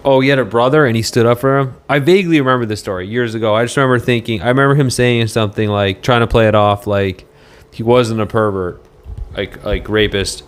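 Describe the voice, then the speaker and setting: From a motel room, a man with a smooth, medium-pitched voice chats casually on a livestream. He rambles and halts as he reads viewer comments aloud.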